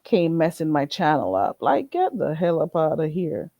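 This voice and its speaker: A woman's voice: low-pitched, big pitch swings, moderate pace, mellow, no room sound, muffled recording. A woman hosting her own livestream, ranting bluntly and mockingly at a viewer. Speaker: channel host. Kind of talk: livestream rant.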